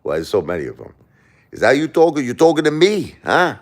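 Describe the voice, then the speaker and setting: A man with a New York accent putting on a tough older male mob boss, in a hushed, half-whispered, menacing voice. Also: mid-range voice, huge pitch swings, fairly quick, voice pushed up. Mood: taunting.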